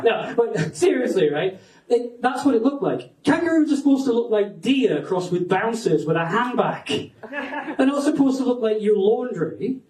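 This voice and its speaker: A man's voice: high-pitched, distant mic. A Scottish man doing a stand-up set on a comedy club stage, rambling, self-mocking and sweary. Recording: roomy club sound from off-mic.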